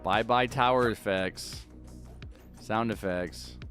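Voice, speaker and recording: A man's voice: lowish voice, slow, a bit bright, soft background music. A young man streaming a game at home, talking casually into a desk mic and arguing back at his chat with rambling restarts. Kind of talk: live-stream chat while gaming.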